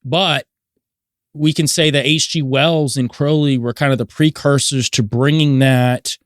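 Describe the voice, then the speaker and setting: A man in a casual podcast chat, briskly running through a string of facts. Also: mid-range voice, fairly even intonation, dry recording, clean studio sound. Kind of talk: casual chat, explaining history.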